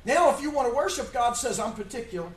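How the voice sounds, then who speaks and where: A man pastor preaching a sermon, emphatic and full of rhetorical questions, at times shouting. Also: very high voice, lively intonation, fairly quick. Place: church sanctuary. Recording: echoey church room from far off.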